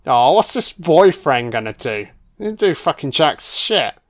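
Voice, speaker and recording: A man's voice: on the high side, big pitch swings, a little slow. A man giving casual, crude commentary on a horror film, sarcastic and swearing nonstop as he mocks the characters.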